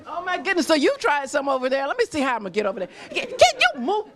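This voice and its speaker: Bubbly high-voiced woman host. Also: very animated, very fast, background noise. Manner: bubbly, gushing, laughs often. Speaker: on-location host interviewing diners. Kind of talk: upbeat casual interviewing. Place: busy restaurant.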